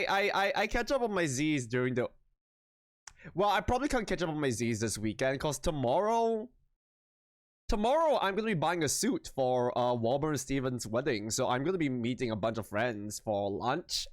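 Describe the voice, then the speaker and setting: A man's voice: medium pitch, dry recording, studio quality. Tired, giggly young streamer guy. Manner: swears freely, giggly, self-mocking, rambling. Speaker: live streamer. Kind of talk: casual chat with viewers.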